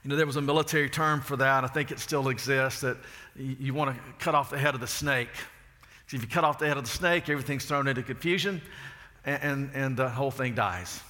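A man's voice: medium pitch, a little fast, bright, forceful tone, long reverb tail. A man preaching a sermon, telling folksy stories and asking rhetorical questions.

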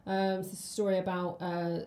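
A woman's voice: lowish voice, completely flat delivery, moderate pace, darkish tone. A woman, co-hosting a casual film podcast and chatting with many ums and restarts. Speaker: podcast co-host. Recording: roomy echo.

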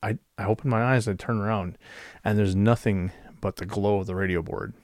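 Clean studio audio with no echo captures a middle-aged former radio DJ, his voice fairly low and his delivery brisk. He relaxes into casual storytelling about strange episodes from his past, full of fillers and restarts.

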